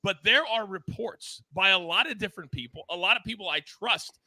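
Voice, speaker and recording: A man's voice: high voice, expressive, fairly quick, bright, forceful tone, no echo. A man hosting a sports betting show, talking in hyped, emphatic banter and repeating phrases for effect. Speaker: show host.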